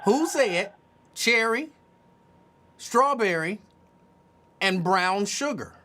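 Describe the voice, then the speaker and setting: Bright-voiced man host. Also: high-pitched, very slow, a little hiss or hum. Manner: relaxed, laughing, corrects people. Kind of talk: casual radio talk.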